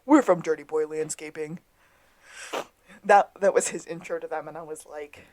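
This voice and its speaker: Lower-voiced woman telling the story. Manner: storytelling, acts out quotes with drawn-out delivery. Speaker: podcast co-host. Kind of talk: casual episode recap chat.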